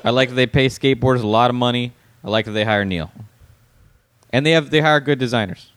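A man co-hosting a podcast in relaxed, easygoing chat, laughing often and trailing off mid-thought. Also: mid-range voice, quick pace, smooth, dry recording. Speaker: podcast co-host. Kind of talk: casual chat.

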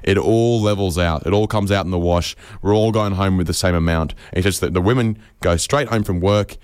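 In a low voice, a man performs a comedic monologue, making absurd claims with a straight face and briefly acting out the voices of anyone he quotes. The recording is clean, dry and close-miked, with no room echo.

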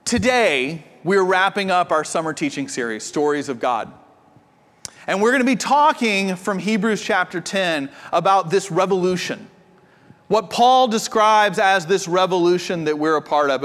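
A pastor preaches in an animated, storytelling way, full of playful asides. His voice sits high for a man and lingers in the long reverb of a large hall. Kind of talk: sermon.

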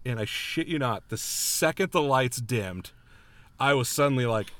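A man telling a comedic story, animated and laughing as he acts out quotes. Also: medium pitch, measured pace, dry recording. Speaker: guest storyteller.

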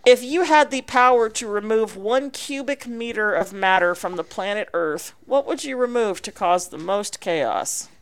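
A man co-hosting a comedy podcast, trading quick jokes and reading out a listener question. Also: high-pitched, animated, a bit bright, smooth. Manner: reads out listener questions, fast quips. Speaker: podcast co-host. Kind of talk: casual comedic chat.

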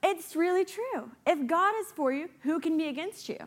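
A woman giving a sermon as a guest preacher, animated and playful, with sarcastic asides. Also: very high-pitched, normal speed.

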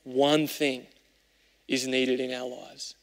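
A man preaching a sermon as a pastor, talking conversationally and moving between raised emphasis and hushed, reflective passages. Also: medium pitch, level tone, slow. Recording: long hall reverb.

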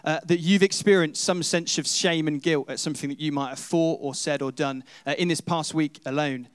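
A man preaches to his congregation, walking them through a story as if they were there. His voice sits a little on the high side, and he leans on questions to draw listeners in. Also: clear, resonant tone. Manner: storytelling, second-person, rhetorical questions. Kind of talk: sermon with imaginative retelling.

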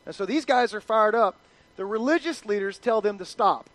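A middle-aged male pastor preaching a sermon in an animated, conversational way, acting out quotes. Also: sits high, moderate pace, low-quality recording.

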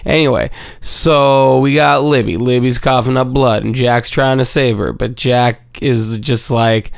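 A man's voice: mid-range voice, steady tone, unhurried, creaky, few pauses, no room sound, studio quality. A man giving a casual, rambling episode recap, full of swearing and playful repetition.

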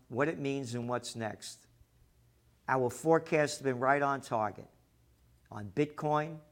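A man hosting a commentary show, ranting sarcastically with lots of profanity, swinging between shouting and muttering. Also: medium pitch. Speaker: show host.

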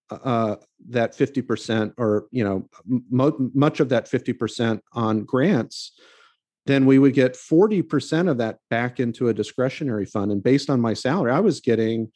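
A man, a professor, co-hosts a podcast in a relaxed, conversational manner. He drifts through his points with fillers and small restarts, speaking at an average pitch. The sound is dry and close, with no room echo. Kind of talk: casual podcast chat.

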